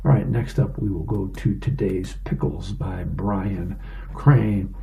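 A man, reading the newspaper and comics aloud as a volunteer on a radio reading service, plain and unhurried with small asides. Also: low-pitched, fairly even intonation, creaky, dark tone, a little hiss or hum.

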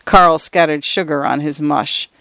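Man, audiobook narration, fairly high voice, dry close sound, gentle character shading. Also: steady tone, a little slow, gravelly, no echo. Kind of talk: scripted narration.

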